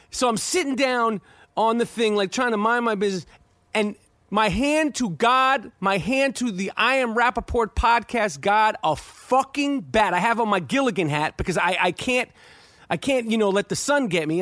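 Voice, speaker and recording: High-voiced, profane New man. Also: dry recording, studio quality. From New York. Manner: profane, excitable, stammering restarts. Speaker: podcast host. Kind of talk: casual storytelling.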